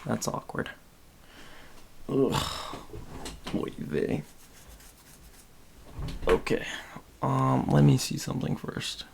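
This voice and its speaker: A man's voice: mid-range voice, very slow, vocal fry, long pauses, noisy background. A man with a Boston accent, a podcast host rambling distractedly and muttering to himself while he works on a casual livestream.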